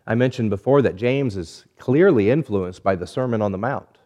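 A man preaching a sermon, measured and deliberate, stretching key words and letting phrases fall quiet at the end. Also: dull audio. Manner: drops low and quiet at phrase ends. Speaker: pastor.

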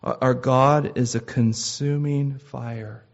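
A man preaching a sermon in a measured, earnest way, with frequent "uh" restarts. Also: mid-range voice, steady tone. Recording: slightly dull lo-fi sound.

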